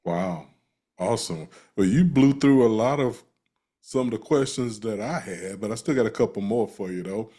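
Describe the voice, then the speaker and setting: A male interviewer with a low, mellow voice. He mostly listens, answers with short responses, and then eases into his next questions in a relaxed way. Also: normal speed. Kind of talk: casual interview.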